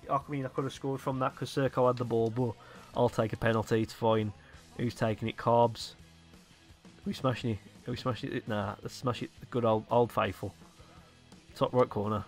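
Excitable lad commentating his game. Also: medium pitch. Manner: animated, swears, shouts at players. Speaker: gaming YouTuber.

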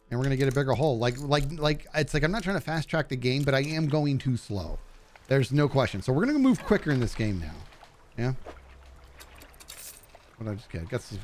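Animated man streaming a game. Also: slight background noise. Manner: animated, chatty, jumps to high panicky yelps. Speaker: streamer playing a fishing game. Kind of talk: live game commentary.

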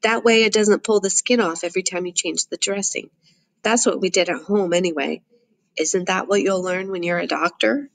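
A woman's voice: fairly low pitch, moderate pace, creaky. A woman voicing a boy who looks after his little brother, earnest and urgent when pressing. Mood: explaining. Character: young African boy, protective older brother.

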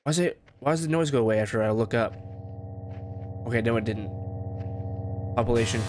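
A man's voice: medium pitch, darkish tone, a little hiss or hum. A man commentating on a horror game as he plays, talking to himself and yelping at scares. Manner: jumpy, talks to himself, yelps. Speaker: gameplay commentator. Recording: game music under voice.

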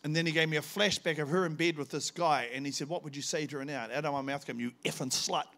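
A man's voice: a little high, fast talker, a little hiss or hum. Older man preaching. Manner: animated storytelling, acting out dialogue. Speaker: visiting preacher. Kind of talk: sermon with personal testimony.

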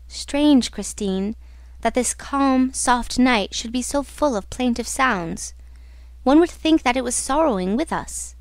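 A protective young nobleman from a gothic storybook, fierce and urgent in his demands, read by a woman. The voice is rather high and dry, close to the mic. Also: animated, unhurried, no echo. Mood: wondering. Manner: urgent, insistent. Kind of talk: audiobook reading.

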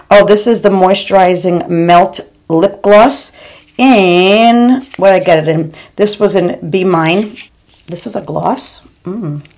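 A woman's voice: medium pitch, a little mellow. A woman in her forties or fifties, a beauty vlogger in a casual makeup review at home, chatty and calling her viewers "girl", with stammering repeats. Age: 40s or 50s. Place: home room.

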